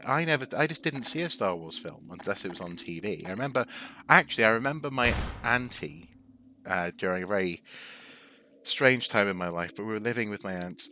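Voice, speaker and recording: A man streaming a video game, chatting in a rambling, self-correcting way as he plays. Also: lowish voice. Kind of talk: gameplay commentary and chat. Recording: steady background noise.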